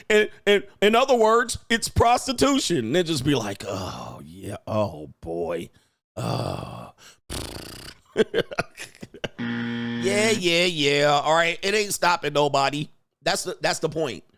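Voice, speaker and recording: On this livestream, the male host keeps up slangy commentary, often laughing and doing impressions of people. His voice is on the high side with a fairly bright tone, and the studio sound is clean and dry.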